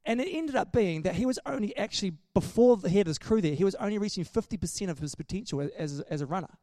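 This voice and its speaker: A man's voice: sits high, lively intonation, fast talker, mellow, dry recording, clean studio sound. A man preaching a casual sermon in a chatty, joking way, often restarting his sentences.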